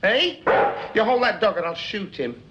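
An over-the-top Lancashire villain. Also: male voice, sits high, very animated, moderate pace, highs cut off, slight background noise, exaggerated voice. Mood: threatening. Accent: exaggerated Lancashire. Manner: broad, over-the-top, comically exaggerated. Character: menacing gangster villain in a 1930s suit. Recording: old TV drama soundtrack, far and echoey with loud music.

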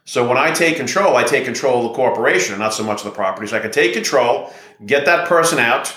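A man's voice: mid-range voice, lively intonation, quick pace, bright, forceful tone, roomy sound. A middle-aged man, a real estate investor and podcast guest, talking in a confident, persuasive way. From United States. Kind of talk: podcast interview storytelling.

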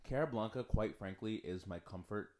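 A man's voice: on the low side, normal speed, a little mellow. A man co-hosting a podcast in casual chat, talking enthusiastically with lots of filler words. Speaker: podcast co-host.

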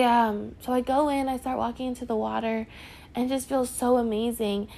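A young woman with a fairly high voice talks through a personal story on her podcast. She is chatty and earnest, and lets her feelings show. She keeps dropping "like" into every sentence. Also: steady tone, moderate pace, vocal fry, mellow. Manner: chatty, heavy use of "like" fillers; earnest and emotional. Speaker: podcast host.

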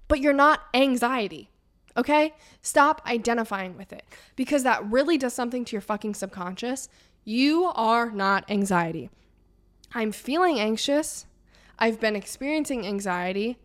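Frank, profane young woman podcaster. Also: on the high side. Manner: frank, profane, animated, acts out imagined dialogue. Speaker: podcast host and life coach. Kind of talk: casual advice monologue.

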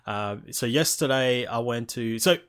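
A man's voice: mid-range voice, measured pace, fairly bright tone, smooth. A man co-hosting a gaming podcast, chatting casually and loosely about a game. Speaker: podcast co-host. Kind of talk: casual chat.

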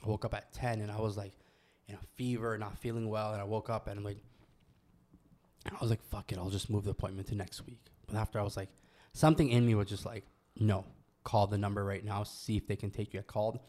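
A man's voice: lowish voice, steady tone, fast, darkish tone. A young man from Canada telling a personal story in casual podcast chat, loose and full of slang and swearing. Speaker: guest telling his story.

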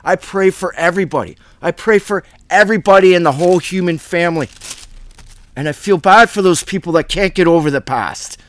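A man's voice: sits high, a little fast, a bit bright, no echo. A man hosting a Bible study, preaching in a blunt, fiery, plain-spoken way.

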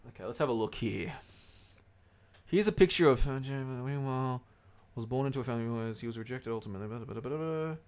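A man in his thirties co-hosting a podcast, chatting casually and telling animated stories, swearing freely. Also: mid-range voice, fast talker. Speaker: podcast co-host. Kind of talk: casual chat.

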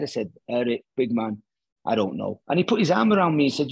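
A middle-aged former footballer tells stories as a guest on a chat show, acting out what others said. His voice is husky and sits at an ordinary male pitch. The recording is dry and close. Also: fast, dry recording. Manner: animated anecdote-teller who acts out quoted dialogue. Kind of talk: casual storytelling chat.

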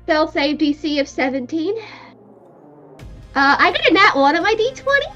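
Woman player, fairly high voice, blunt and quick, dull lo-fi recording, faint music. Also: very animated, fairly bright tone. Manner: quick, blunt questions, swears casually. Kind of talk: casual tabletop game play.

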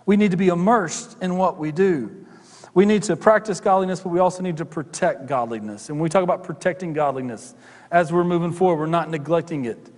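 A man's voice: fairly high pitch, fairly quick, a little mellow. Man preaching in a reverberant hall. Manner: conversational, joking asides to the congregation. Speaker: pastor. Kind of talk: sermon.

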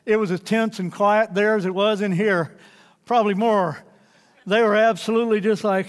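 A man's voice: high voice, steady tone, clean tone. A man, a pastor, telling a story and praying in an earnest, emphatic sermon in a large church auditorium. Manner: earnest, emphatic preaching with drawn-out phrases. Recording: long hall reverb with faint music.

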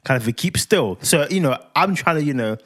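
A man's voice: fairly high pitch, lively intonation, a little fast. A man tells family stories on a casual podcast. His slightly raised voice swings up and down as he acts out his son's lines. His talk is loose and slangy. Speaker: podcast co-host. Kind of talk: casual chat.

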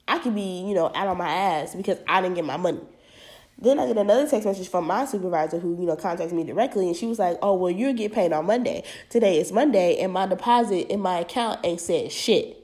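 A woman's voice: medium pitch, darkish tone. Congested woman venting on a podcast. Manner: frank and profane, venting about money troubles. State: congested and stuffy from allergies. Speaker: podcast host. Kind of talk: casual solo podcast monologue.

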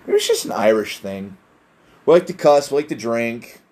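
A man's voice: mid-range voice, very animated, moderate pace, darkish tone. A young man hosting a casual solo podcast, rambling and self-deprecating, swearing often. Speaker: podcast host.

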